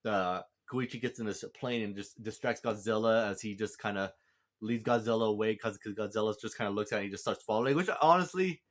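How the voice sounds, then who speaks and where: A man giving a casual spoken movie review, retelling the plot in a rambling, excitable way with lots of restarts. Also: fairly low pitch, a little fast.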